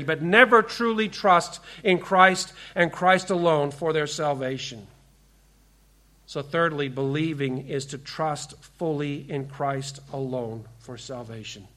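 A pastor delivers an earnest sermon in a voice that sits high for a man. He slows down to stress scripture and drops soft and low on key words.

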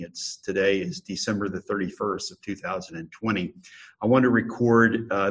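A man, a pastor, giving a measured podcast monologue with frequent hesitations. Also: lowish voice, a bit bright, husky, rough recording.

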